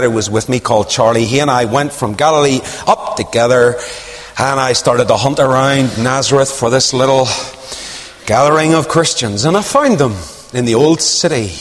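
A man preaching a sermon, telling a story with sudden high swoops of emphasis and hushed low asides. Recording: long hall reverb.

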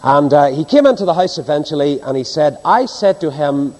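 A man's voice: a little high, expressive, brisk, a little mellow. A man preaching a sermon, asking the congregation rhetorical questions. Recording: long hall reverb.

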